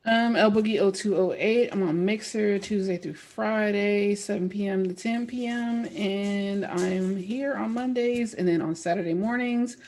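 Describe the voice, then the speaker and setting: A woman's voice: mid-range voice, a little slow, few pauses, darkish tone. A woman co-hosting a gaming podcast, chatting casually in a teasing, matter-of-fact way. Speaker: podcast co-host. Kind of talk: casual chat.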